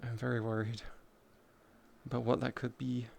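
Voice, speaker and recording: A man's voice: mid-range voice, little pitch movement, normal speed, gravelly, a little mellow, a little hiss or hum. A man livestreaming in VR, chatting casually with viewers in crude, profane, joking banter. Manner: greets and thanks chat viewers.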